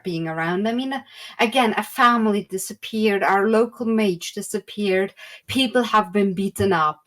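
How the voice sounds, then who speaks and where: A woman's voice: medium pitch, a bit bright, natural voice, rough recording. A woman voicing a worried, earnest townsperson in a tabletop game.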